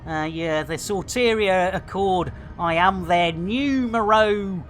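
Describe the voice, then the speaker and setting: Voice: medium pitch, slow pace, a little hiss or hum. A streamer, chatting boisterously and cracking jokes while playing a space game. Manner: boisterous, jokey, rambling.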